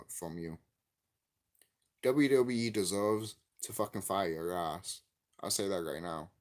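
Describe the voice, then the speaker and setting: A man giving a profane, angry vlog rant about a game, repeating himself and cursing. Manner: angry, profane, repetitive ranting; lively swinging pitch, gets loud and high when worked up. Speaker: YouTube game commentator. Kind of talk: ranting vlog commentary.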